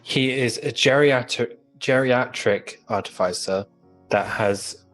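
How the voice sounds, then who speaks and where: A man's voice: medium pitch, slow, fairly bright tone, soft background music, poor audio. A man joining a casual tabletop gaming chat, describing a character he made.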